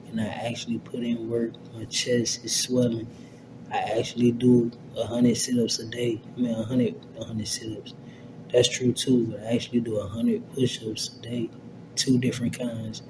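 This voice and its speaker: A young man rants casually to his viewers, heavy on slang and swearing, circling back with constant fillers. His voice sits at an ordinary middle pitch. A clear, steady low rumble runs under the recording. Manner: slangy and profane, rambling with many fillers. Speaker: vlogger. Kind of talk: casual rant to camera.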